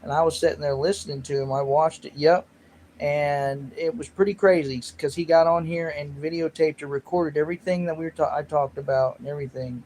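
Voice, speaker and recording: Rambling and self-mocking, this livestream host reads his chat out loud as he goes. He speaks briskly in a slightly high, darkish voice with fairly even intonation, over poor audio with slight background noise.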